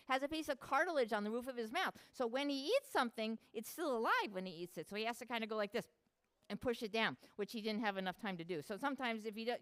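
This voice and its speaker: A woman's voice: sits high, a bit bright, smooth. A woman animal educator leading a playful live show for children, asking the kids lots of questions as she presents animals in a public hall.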